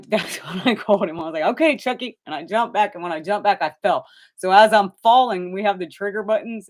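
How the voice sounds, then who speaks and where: Middle-aged woman telling rowdy stories. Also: on the low side. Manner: animated, swears freely, acts out quoted people. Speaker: tarot reader hosting a live stream. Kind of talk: casual storytelling.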